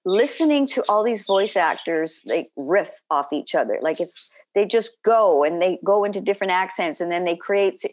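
Lively, animated woman guest. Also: lowish voice, normal speed, hardly any pauses. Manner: animated storyteller, lively laughing asides. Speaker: guest actor. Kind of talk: casual interview chat.

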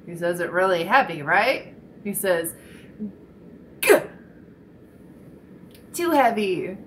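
Brief: woman speech teacher for kids, unhurried and encouraging, faint room hum behind. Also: fairly low pitch, lively intonation, poor audio. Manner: encouraging, demonstrating sounds slowly for children. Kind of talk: slow, clear children's speech lesson.

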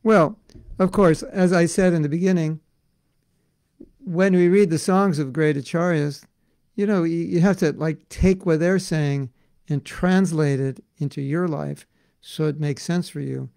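A man teaching a devotional class in an earnest, conversational way, full of casual fillers, swinging between loud emphasis and soft asides. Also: fairly high pitch, fairly even intonation, unhurried, vocal fry, no room sound. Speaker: spiritual teacher.

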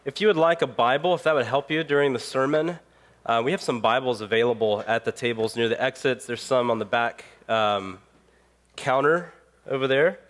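Male pastor, 30s, mid-pitched, fighting a cold; relaxed storytelling sermon with plenty of fillers. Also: moderate pace. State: has a cold. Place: church sanctuary.

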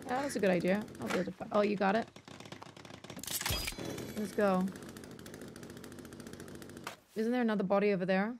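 A woman live-streaming a co-op survival game, chatting with viewers and teammates and reacting loudly when startled. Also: medium pitch, brisk, gravelly, noisy background. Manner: chatty, talks to viewers, jumpy loud reactions. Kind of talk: live co-op gameplay chat.

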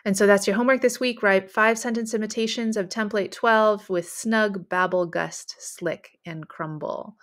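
A woman teaching a writing lesson, explaining sentence patterns in a clear, patient way and reading example sentences aloud. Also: medium pitch, steady tone, normal speed, hardly any pauses.

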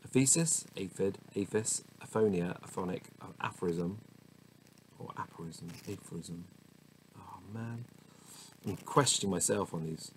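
Unhurried and deep-voiced, a man reads through dictionary entries one after another, stumbling on pronunciations and muttering asides. The recording is rough, with a faint hum of background noise.

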